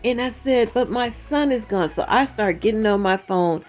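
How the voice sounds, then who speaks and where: A woman's voice: a little high, moderate pace, faint music behind. A woman hosting her own channel, telling a story casually and acting out the dialogue, with emphatic asides to the viewers. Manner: animated retelling with quoted dialogue. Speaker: channel host.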